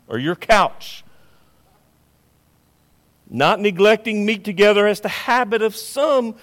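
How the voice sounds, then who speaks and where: A pastor delivers a sermon in his church with a high-pitched, lifted voice. He preaches emphatically, pushing some phrases out loud and dropping others to a near hush. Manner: emphatic preaching, swings between loud and hushed. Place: church sanctuary.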